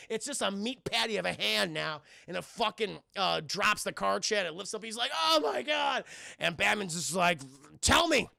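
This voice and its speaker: In a high, creaky voice, a man goes through a cartoon episode on his live stream, cursing freely and acting out each scene in voices. The recording is dry, with clean studio sound, and his delivery is profane and animated.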